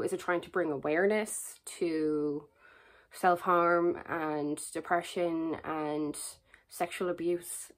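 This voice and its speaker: A woman talking casually to camera in a reading vlog, candid, chatty and self-mocking. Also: fairly low pitch. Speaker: book vlogger.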